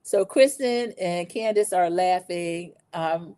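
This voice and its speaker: A woman's voice: fairly low pitch, slow pace, dark tone, smooth, dry recording, clean studio sound. A middle-aged woman hosting a casual opinion recap, chatty and opinionated, talking straight to her viewers. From lived in the American South over twenty years. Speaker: recap host.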